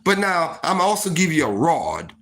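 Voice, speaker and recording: An animated man spins a casual story straight to the camera, his pitch sitting a touch high and leaping all over the place. He talks loosely and profanely, leaning on "like" and "you know" as he goes. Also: moderate pace. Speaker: storytime vlogger.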